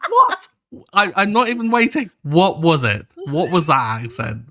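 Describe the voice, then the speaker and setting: A podcast co-host from London, playfully critical and quick to laugh in casual chat. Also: medium pitch, big pitch swings, fairly bright tone, slight background noise.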